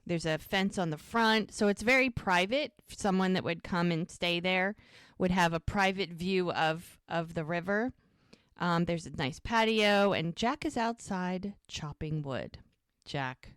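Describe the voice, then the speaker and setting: A woman co-hosting a podcast, telling an episode's story in a casual, animated way and quoting the characters. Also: lowish voice, unhurried, clear, resonant tone, no room sound, clean studio sound. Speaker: podcast co-host.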